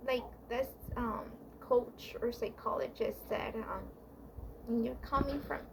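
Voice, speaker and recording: A woman's voice: a little high, steady tone, unhurried, gravelly, noisy background. A woman vlogger giving heartfelt relationship advice in a casual, confiding monologue, rambling with frequent restarts and fillers.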